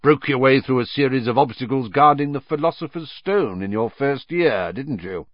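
A man voicing a gruff, scarred old male wizard with a growling voice, in a storybook reading. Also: medium pitch, moderate pace, no echo, muffled recording, pitched above the performer's own voice, close to an everyday voice.

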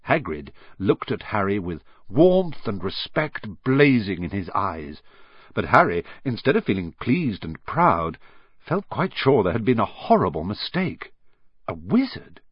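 Husky, animated man reading a story. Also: mid-range voice, a little slow, no echo, highs cut off. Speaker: audiobook reader. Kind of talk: scripted narration.

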